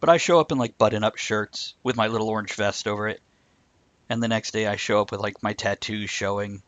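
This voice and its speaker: A man's voice: fairly low pitch, steady tone, brisk, fairly bright tone, no room sound. A man hosting a casual talk show, telling rambling, joking stories and voicing the people in them. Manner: rambling and joking, with lots of fillers and voiced quotes. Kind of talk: casual storytelling chat. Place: home studio for a live stream. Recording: dull, lo-fi, dry stream audio.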